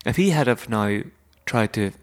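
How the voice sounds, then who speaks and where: A man's voice: on the low side, lively intonation, moderate pace. A man co-hosting a podcast, telling a self-deprecating story in casual chat. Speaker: podcast co-host.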